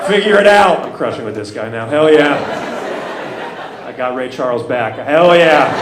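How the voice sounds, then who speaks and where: A man of thirty doing a stand-up comedy set, swinging between loud outbursts and low muttered asides. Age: 30s. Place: comedy club stage. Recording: echoey club with loud room noise.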